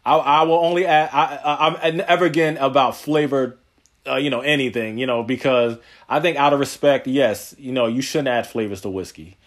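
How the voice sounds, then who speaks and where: A man's voice: medium pitch, a little fast. A man hosting a podcast in casual chat, telling rambling stories with lots of laughter and slangy asides. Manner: animated rambling storyteller, laughs often; slangy, says yo and man a lot. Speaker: podcast host.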